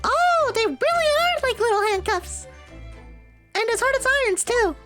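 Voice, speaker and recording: A man voicing a polite, cheerful young woman assistant in a very high falsetto. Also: big pitch swings, normal speed, pushed and bright, soft background music, full character voice. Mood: chirpy.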